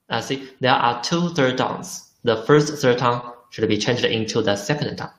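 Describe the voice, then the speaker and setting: A man's voice: medium pitch, unhurried, a bit bright, roomy sound, poor audio. A man teaching a lesson in English, patiently repeating syllables for drills. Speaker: Chinese teacher. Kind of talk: language lesson.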